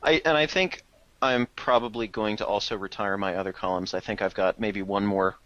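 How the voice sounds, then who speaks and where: A man's voice: lowish voice, fairly even intonation, brisk, fairly bright tone, no echo. A man who writes columns for a website, chatting in an easygoing, self-deprecating way. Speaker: site columnist. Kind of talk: casual chat. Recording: muffled lo-fi livestream audio.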